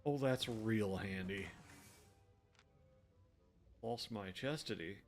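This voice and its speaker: A man's voice: on the low side, slow pace. Man, game streamer, casual commentary, self-deprecating, faint background music. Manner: chatty, self-deprecating, talks to chat while playing.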